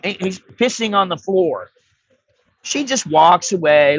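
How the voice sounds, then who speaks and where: A man's voice: high voice, lively intonation, slow, no room sound. An American man telling a rambling, profane story in a blunt, casual way as an expat vlogger. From United States. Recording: dry, slightly dull recording.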